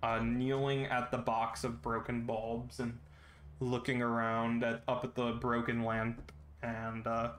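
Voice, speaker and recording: A man narrating a tabletop game as game master in a relaxed, steady way with frequent fillers. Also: mid-range voice, unhurried, reverberant, slight background noise.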